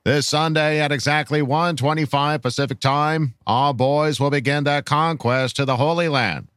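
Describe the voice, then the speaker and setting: A man hosting a casual sports fan podcast, his voice sitting slightly high. He reads listener messages aloud with playful, mock-grand solemnity. The sound is close and dry, with no room around it. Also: normal speed, fairly bright tone, smooth, no room sound. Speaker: podcast host reading listener questions. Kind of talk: casual fan podcast chat and dramatic reading.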